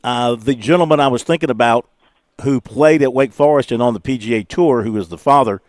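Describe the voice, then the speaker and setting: A man's voice: mid-range voice, no room sound. Conversational male radio sports host. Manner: conversational, reads results with pauses. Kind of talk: radio talk show hosting.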